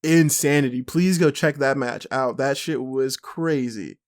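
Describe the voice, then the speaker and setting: A young man co-hosting a podcast, chatting excitably, laughing often and swearing a lot. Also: medium pitch, measured pace. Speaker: podcast co-host. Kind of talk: casual chat.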